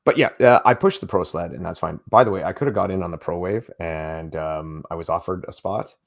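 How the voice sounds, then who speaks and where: A man's voice: sits low, brisk, creaky. A man co-hosting a fitness podcast in casual, opinionated chat. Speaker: podcast co-host.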